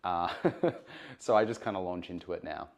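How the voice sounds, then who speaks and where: A man's voice: low voice, normal speed. A man, speaking as a podcast guest. He tells his stories eagerly and with animation, tripping over and restarting phrases as he goes. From Australia. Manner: animated, eager, self-interrupting anecdotes. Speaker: journalist and broadcaster guest. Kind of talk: conversational storytelling.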